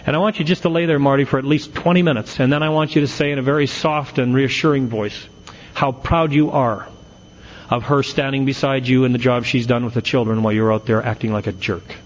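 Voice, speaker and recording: A man's voice: medium pitch, fairly even intonation, quick pace, few pauses, highs cut off, a little hiss or hum. A middle-aged man giving a humorous recovery talk, telling stories and acting out the quotes. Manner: storytelling with punchlines, acts out quotes. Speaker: AA speaker.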